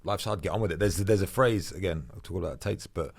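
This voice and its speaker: A man with a low, deep voice speaks as a fighter guesting on a podcast. He is blunt and emphatic and swears freely in casual conversation. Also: quick pace, vocal fry.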